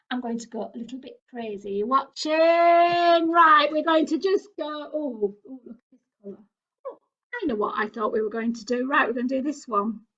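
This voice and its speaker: A woman's voice: sits high, a bit bright. A woman with a British accent leading a children's craft session, chatty and full of little exclamations as she talks straight to small children. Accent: British English. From England. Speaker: children's activity presenter. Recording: dull lo-fi recording.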